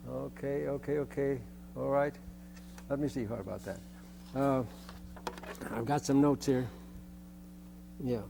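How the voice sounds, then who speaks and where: An older man leads a band rehearsal in a fairly high voice, demonstrating rhythms by singing them on short syllables. He often repeats himself as he instructs the players. A faint hum sits under the recording. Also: creaky, a little mellow. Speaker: band conductor.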